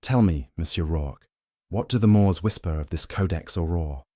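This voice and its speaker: A man voicing a fastidious older detective, speaking in a precise, probing way. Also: low voice, dark tone, no room sound, clean studio sound.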